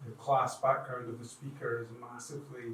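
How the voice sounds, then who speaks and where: A man's voice: medium pitch, little pitch movement, fairly quick, a bit bright. Polite man asking from the audience, echoey. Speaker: audience member. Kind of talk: audience question at a public talk. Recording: echoey room, distant mic, faint noise.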